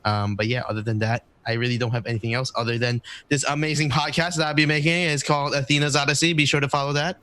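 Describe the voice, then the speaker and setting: Relaxed man plugging his podcast. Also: medium pitch, quick pace, few pauses. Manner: relaxed, rambling. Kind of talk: casual stream chat.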